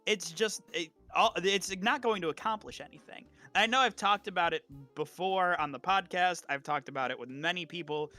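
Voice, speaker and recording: A man co-hosting a casual podcast, giving an emphatic, profane pep talk. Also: high voice. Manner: emphatic, swears freely, animated pep talk. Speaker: podcast co-host.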